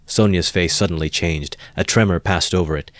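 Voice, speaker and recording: A man calmly narrating a novel as an amateur audiobook reader, in a measured way close to the mic. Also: deep voice, no room sound.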